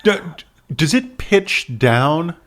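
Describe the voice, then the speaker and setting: A man's voice: a little high, very animated, drawn-out words, fairly bright tone. A man from Denver co-hosting a podcast in casual comedic chat, with a dry, wry delivery. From Denver, USA. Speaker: podcast co-host.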